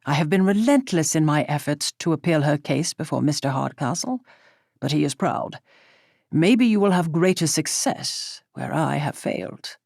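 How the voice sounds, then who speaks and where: A woman voicing a tactful, gentle gentleman who speaks formally and politely. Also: low voice, animated, normal speed, gravelly, dry recording, studio quality, exaggerated voice. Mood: courteous. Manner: polite, formal Regency speech.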